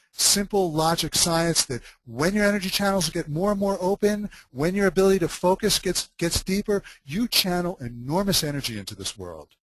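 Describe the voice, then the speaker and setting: A man's voice: fairly high pitch, no echo, poor audio. Earnest man teaching, dry close sound. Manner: earnest, frequent restarts and self-corrections. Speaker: wellness course teacher. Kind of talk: unscripted spoken lesson.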